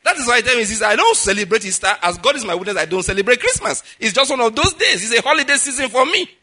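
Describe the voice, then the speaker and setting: Emphatic high-voiced pastor. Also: male voice, lively intonation, very fast, sharp tone. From Nigeria. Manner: emphatic, rises in pitch and volume to stress points. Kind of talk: sermon.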